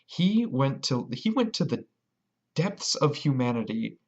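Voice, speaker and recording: A man rambles through a story about a game in a casual vlog, excited and easily sidetracked. His voice sits at an ordinary middle pitch. The recording sounds dull and lo-fi, like a home setup. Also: measured pace, breathy edge. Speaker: vlogger.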